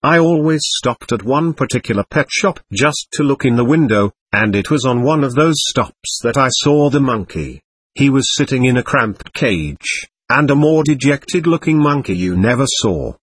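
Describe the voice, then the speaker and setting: A man narrates a first-person story in audiobook style, his delivery expressive and animated. His voice has a husky grain. The recording is close and dry. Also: medium pitch, normal speed, no echo.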